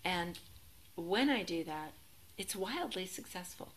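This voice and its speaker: Low-voiced woman giving a Zen talk. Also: lively intonation, slow, slight background noise, low-quality recording. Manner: reflective, gently self-deprecating, with laughs. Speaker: Zen teacher. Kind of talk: dharma talk.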